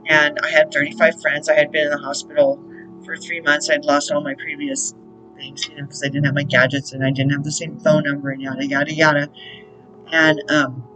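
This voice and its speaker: A woman who is a spiritual counselor hosts her own channel, rambling through a casual monologue full of fillers and the occasional swear word. Her low voice is flat and brisk, with background music and poor audio.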